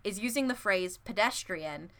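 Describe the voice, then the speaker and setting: A woman's voice: mid-range voice, expressive, moderate pace, fairly bright tone. A young woman chatting casually as a podcast co-host, laughing often and playing with words. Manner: giggly, filler-heavy, playful with words. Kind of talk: casual chat.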